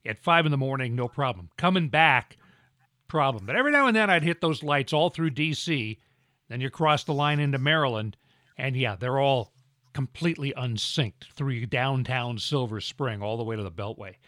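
A man's voice: medium pitch, expressive, normal speed, pushed and bright, no room sound, studio quality. A middle-aged man co-hosting a podcast, telling wry anecdotes with easy laughs in casual banter. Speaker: podcast co-host.

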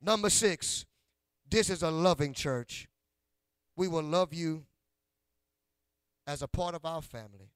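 A man preaches a sermon, his fairly high voice leaping from booming shouts down to near-whispers. He leads the congregation in call-and-response with a folksy, teasing warmth. The sound is close and dry. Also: a little slow, pauses often, clear, resonant tone, no echo. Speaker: pastor. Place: church sanctuary.

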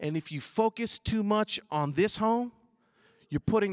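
A man in his thirties preaching a sermon, moving between loud emphatic lines and quiet low asides. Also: lively intonation, unhurried. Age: 30s. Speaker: pastor.

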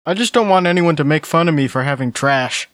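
A young man co-hosting a comedy podcast, tossing in dry, quick jokes. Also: fairly high pitch, expressive, fairly bright tone, no echo. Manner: dry, quick jokey quips. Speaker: podcast co-host. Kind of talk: casual comedy chat.

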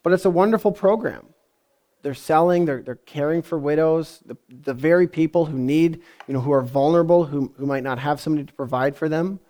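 A man's voice: fairly high pitch, brisk, dark tone. A man preaching a sermon in a conversational way, often asking his congregation questions. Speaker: pastor.

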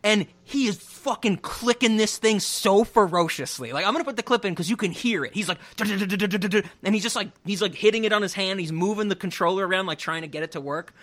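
A man's voice: sits high, fast, few pauses, fairly bright tone. A man co-hosting a casual podcast chat, rambling and laughing often as he talks. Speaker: podcast co-host.

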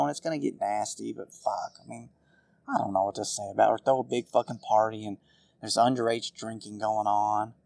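A man's voice: mid-range voice, creaky, darkish tone, no echo. A man ranting through a casual solo podcast, profane, rambling and exasperated. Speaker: podcast host.

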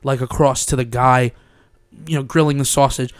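A man's voice: medium pitch, steady tone, moderate pace. A young man co-hosting a casual podcast chat, telling rambling, profane stories with laughs into a studio mic. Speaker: podcast co-host.

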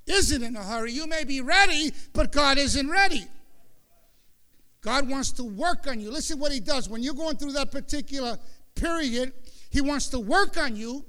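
A male pastor preaching a sermon in an emphatic style, sometimes rising into shouts. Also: very high voice, clean tone.

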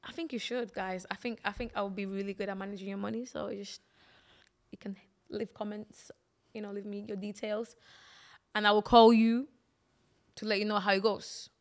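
A woman's voice: mid-range voice, level tone, brisk. A woman co-hosting a casual podcast chat, blunt and full of fillers. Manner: blunt, uses lots of fillers. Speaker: podcast co-host.

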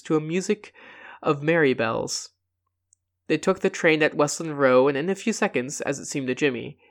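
A man reading a classic short story aloud, giving quoted lines their own expressive emphasis. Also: on the high side. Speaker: reader.

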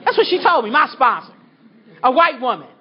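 Animated woman telling a funny story. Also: high voice, brisk. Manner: animated, laughing as she talks. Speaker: speaker sharing her story at a recovery meeting. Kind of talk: humorous storytelling to an audience. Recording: dull recording with a crowd behind.

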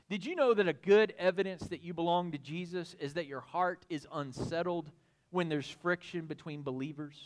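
Animated pastor preaching, high voice. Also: male voice, moderate pace. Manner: animated, builds to excited shouts, folksy asides. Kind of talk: expository sermon.

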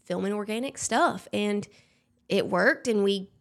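A woman's voice: mid-range voice, a little slow, gravelly. A woman from Alabama with a Southern accent, telling stories in a casual interview. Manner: expressive, animated storytelling with laughs. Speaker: guest.

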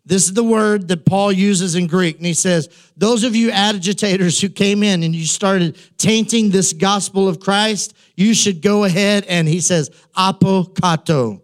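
High-voiced animated preacher man. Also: a little slow, hardly any pauses. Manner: animated preaching, rising to shouts, humorous asides. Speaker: pastor. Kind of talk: sermon.

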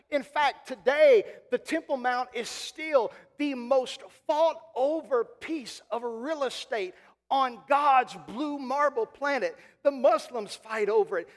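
A male pastor preaching a sermon. He is emphatic, slows right down to stretch key phrases, and then drops to a quieter, conversational tone. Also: very high voice. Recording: long reverb of a large hall.

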